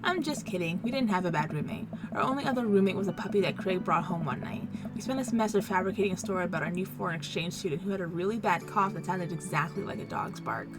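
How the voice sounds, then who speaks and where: A woman reading the lines of a gentle, doting middle-aged single father from a dating game, in her own mid-pitched voice. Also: fast talker, few pauses, over loud music, lightly acted. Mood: gentle fatherly. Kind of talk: reading game dialogue aloud.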